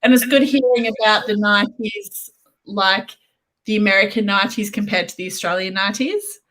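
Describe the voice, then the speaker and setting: A woman guest chatting on a livestream in a relaxed, agreeable way. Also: mid-range voice, fairly quick, low-quality recording. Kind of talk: casual chat on a livestream.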